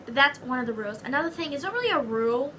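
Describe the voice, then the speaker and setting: A woman's voice: high voice, lively intonation, racing, a bit bright, recorded from a distance, slight background noise. Bubbly Australian girl rambling to camera. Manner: giggly, rambling, goofy asides. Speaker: vlogger. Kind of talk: casual chatty vlog.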